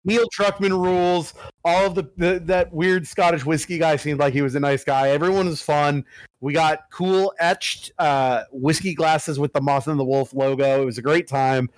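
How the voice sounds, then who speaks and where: Man, podcast co-host, casual chat, swearing storyteller, slightly high voice, dry recording. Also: moderate pace, dry recording. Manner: profane, animated storytelling.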